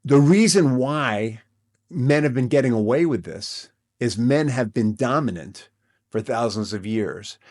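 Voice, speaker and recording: A man speaking in an average-pitched voice, hosting a relationship coaching podcast. He talks earnestly and gets excited, circling back and repeating phrases as he goes. He often tags his points with "right?". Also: measured pace. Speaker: podcast host.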